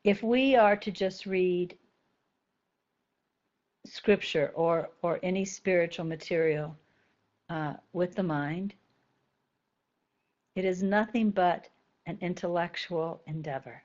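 A woman giving a spiritual talk to a group, gentle and thoughtful, repeating key phrases slowly to let them sink in. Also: lowish voice, muffled recording. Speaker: spiritual teacher.

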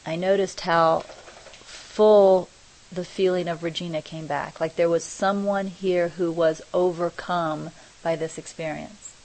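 A middle-aged woman giving a reflective spiritual talk, speaking slowly and softly with many pauses. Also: on the low side, steady tone, rough recording. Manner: slow, soft, pausing and searching for words. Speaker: spiritual teacher.

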